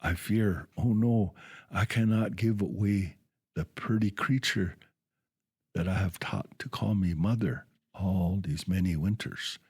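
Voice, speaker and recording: A man's voice: sits low, a little slow, darkish tone, dry recording, clean studio sound, full character voice. A man reading as a possessive old toad mother. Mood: fearful. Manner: gruff and coarse when wailing. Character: big ugly old female toad mother, possessive and scheming. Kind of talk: storybook reading on radio.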